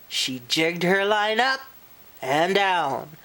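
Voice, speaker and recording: A woman reading a children's picture book aloud, animated and expressive, pausing to talk to young listeners. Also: sits low. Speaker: storyteller.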